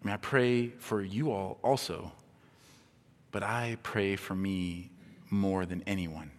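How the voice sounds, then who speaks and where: A man preaching a sermon as pastor, impassioned, swinging between hushed tones and near-shouting. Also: low voice, fairly even intonation, takes it slowly. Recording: long hall reverb.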